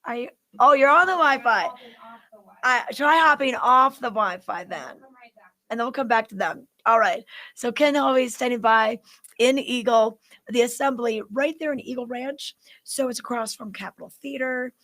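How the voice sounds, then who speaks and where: Woman, morning news host, chatty upbeat tone, slightly high voice, reads events casually. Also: normal speed, fairly bright tone, low-quality recording. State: out of breath. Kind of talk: casual live news show chat.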